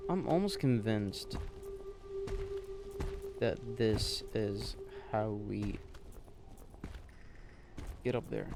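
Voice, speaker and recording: A man's voice: fairly low pitch, animated, drawn-out words, creaky, long pauses, music in the background. A man hosting a let's play, chatting casually as he plays and reading game text aloud. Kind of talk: casual gameplay commentary.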